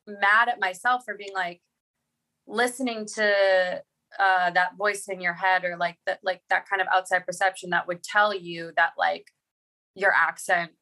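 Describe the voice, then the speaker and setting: Bright-voiced woman from Boston, rambling. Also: on the low side. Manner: rambling, lots of "like" fillers. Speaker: podcast guest. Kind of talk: casual podcast chat.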